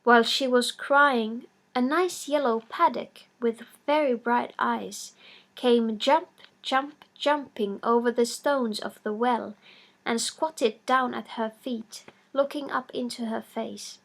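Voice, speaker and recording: A woman with a slightly high voice reads a fairy tale aloud. She takes her time and gives the lines an expressive lilt. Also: slow pace. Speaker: storyteller. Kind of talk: scripted narration of a fairy tale.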